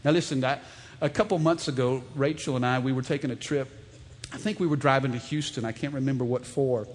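A man in his thirties preaching a sermon, animated and storytelling, calling on the congregation to answer. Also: mid-range voice, fairly quick. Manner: animated, storytelling, calls for audience response. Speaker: pastor. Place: church sanctuary. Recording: long hall reverb.

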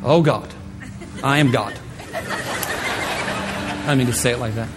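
A man pastor telling a personal story in a sermon, animated, swinging from hushed to loud. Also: medium pitch, slow pace, a crowd in the background. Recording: echoey hall with faint music.

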